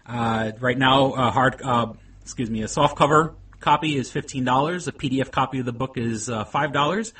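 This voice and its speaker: A man co-hosts a loose podcast chat at an even, mid-range pitch. He rambles in circles, leans on "you know," and swears bluntly between points. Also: moderate pace, husky. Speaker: podcast co-host.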